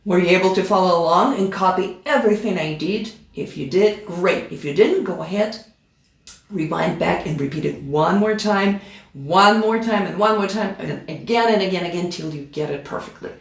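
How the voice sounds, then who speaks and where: A woman's voice: fairly low pitch, moderate pace, gravelly. A woman teaching piano in a play-along tutorial, giving patient step-by-step instructions. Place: room with a piano. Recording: roomy room with piano playing. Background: piano playing.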